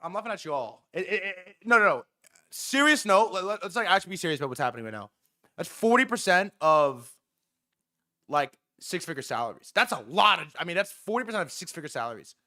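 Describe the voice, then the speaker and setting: A young man streaming to his chat, loose and excitable, cursing freely and circling back over the same phrases. His voice is bright and slightly high for a man, with a lot of rise and fall. He sounds like he is talking into a desk mic. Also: fast. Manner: excitable, swearing, repeats himself, talks to chat. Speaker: streamer reacting to news. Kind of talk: casual livestream commentary.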